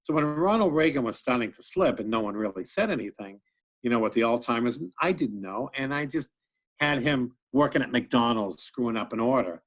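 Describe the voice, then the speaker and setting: A male stand-up comedian telling stories and jokes in a chatty, animated way during an interview. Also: medium pitch, a little fast. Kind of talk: casual interview storytelling.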